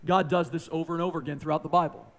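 A man preaching a sermon, emphatic, swinging from hushed lines to near-shouting. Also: on the high side, fairly even intonation, very fast. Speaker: pastor.

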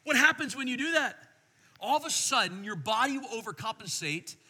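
A middle-aged man preaching a sermon as pastor, telling stories in an animated way and swinging between quiet and loud. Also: very high-pitched, a little fast, husky, big-room sound.

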